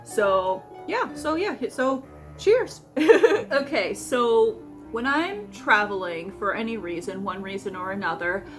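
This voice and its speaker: Young adult woman, casual vlog host, meandering filler-heavy delivery, middle pitch, music bed. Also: lively intonation, slow pace, fairly bright tone. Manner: rambling, many fillers and restarts. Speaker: vlogger and host. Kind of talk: casual food vlog chat.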